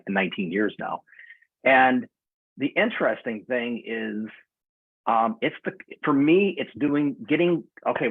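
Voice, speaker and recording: Husky man in his sixties on a tinny call. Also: mid-range voice, no echo. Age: 60s. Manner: animated storyteller, acts out quoted voices. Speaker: guest community member. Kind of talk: casual chat on a video call. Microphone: video call. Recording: tinny phone-like video call audio.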